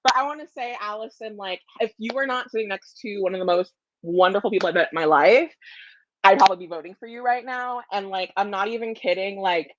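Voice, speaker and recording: A woman's voice: mid-range voice, fairly quick, dull audio. A woman juror giving an emotional farewell speech over a video call, effusive and laughing, cursing freely, a little stoned. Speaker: jury member.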